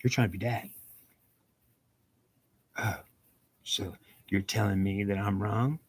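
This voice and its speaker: A man's voice: on the low side, steady tone, slow, breathy edge, dry recording. A man from the United States rambling through a self-recorded monologue, arguing both sides of an imagined dialogue in repetitive, circling phrases.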